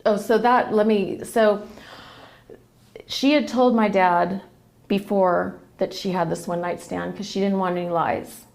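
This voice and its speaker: A woman's voice: medium pitch, fairly even intonation, unhurried, gravelly, a little mellow. A woman telling an emotional personal family story as a podcast guest, retelling what others said. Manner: emotional, quotes others in a run of retold dialogue.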